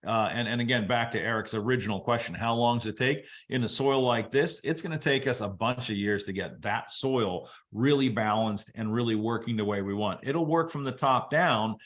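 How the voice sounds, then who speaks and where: A man presenting a webinar, explaining soil biology at a relaxed teaching pace with casual asides. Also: medium pitch, moderate pace, hardly any pauses. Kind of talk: explaining soil science to an audience.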